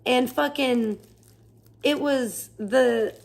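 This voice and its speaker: A woman's voice: high voice, extremely slow, gravelly. A woman live streamer chatting casually, rambling and swearing as she rants in exasperation. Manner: rambling, profane, exasperated ranting. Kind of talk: casual chat.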